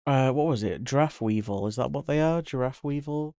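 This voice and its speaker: A man chatting casually with viewers while he draws on a live stream, giggling often, swearing freely and jumping to high squeals when excited. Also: brisk, clean tone, dry recording, clean studio sound. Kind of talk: casual chat while drawing.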